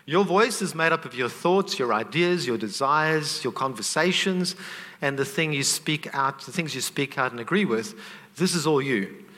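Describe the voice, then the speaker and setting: A man's voice: fairly high pitch, expressive, moderate pace, pushed and bright, long reverb tail. A middle-aged man teaching on faith, earnest and heartfelt, openly emotional as he tells a family story. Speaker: Christian teacher.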